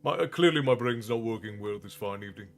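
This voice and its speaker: A man's voice: on the low side, animated, fast, faint music behind. Man from Ireland hosting a livestream. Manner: friendly, rambling, greets viewers by name. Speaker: livestream host and storyteller. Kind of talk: casual chat with stream viewers.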